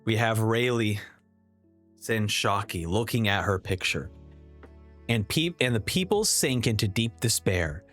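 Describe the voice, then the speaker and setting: A young man hosting a reaction video, reading a comic aloud and reacting in an excitable way. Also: mid-range voice. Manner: excitable, animated.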